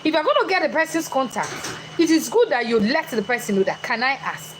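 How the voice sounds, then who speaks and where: Woman speaker, animated, high voice, noisy room recording, engages the crowd. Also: quick pace. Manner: animated, chatty, questions the audience directly. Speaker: motivational speaker. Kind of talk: motivational talk to a live audience.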